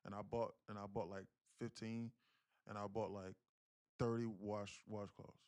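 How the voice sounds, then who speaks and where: A young man day-trading on a livestream, chatting casually and profanely with viewers, telling stories loudly and excitedly. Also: fairly low pitch, measured pace. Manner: profane, animated storytelling, gets loud and excited.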